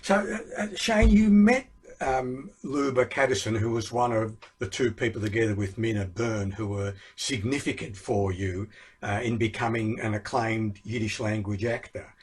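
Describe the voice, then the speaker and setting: Husky-voiced male podcast host. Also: fairly low pitch, moderate pace. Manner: hesitant, with fillers. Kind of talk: interview question.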